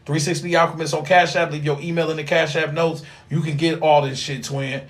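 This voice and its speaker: A man's voice: fairly high pitch, level tone, fairly quick. A man hosting a livestream, lecturing in a rambling, profane, preachy way full of slang. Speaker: livestream host teaching occult class. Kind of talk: casual livestream talk.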